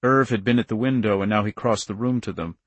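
A man reading a novel aloud in a measured, tense storytelling voice. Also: fairly low pitch, steady tone, no echo. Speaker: narrator. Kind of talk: audiobook narration.

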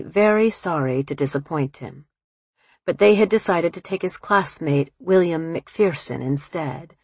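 A woman reading literary fiction aloud in a calm, unhurried narration on a close studio mic. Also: deep voice, husky, dry recording. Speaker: audiobook narrator.

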